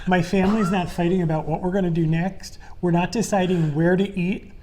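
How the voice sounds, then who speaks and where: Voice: medium pitch, steady tone, fairly quick, background noise. A podcast co-host in a casual panel chat, jumping in with short comments and asides.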